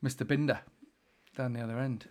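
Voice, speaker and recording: A man's voice: medium pitch, steady tone, a little fast, a little mellow. A man co-hosting a podcast, asking questions and teasing his partner. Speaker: podcast co-host. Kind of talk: casual chat.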